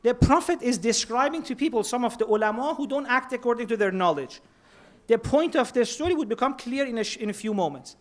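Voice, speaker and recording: A man's voice: extremely high pitch, animated, fast. Earnest man preaching. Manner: earnest, mixes Persian words into English. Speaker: speaker at a religious centre. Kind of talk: sermon.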